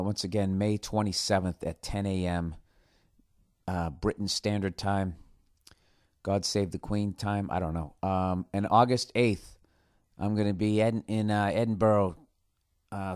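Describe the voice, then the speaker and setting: A man's voice: lowish voice, steady tone, slow pace, clean tone, dry recording, studio quality. A man hosting a podcast alone, talking casually in a rambling, sarcastic way and swearing often. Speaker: podcast host. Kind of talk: casual solo podcast monologue.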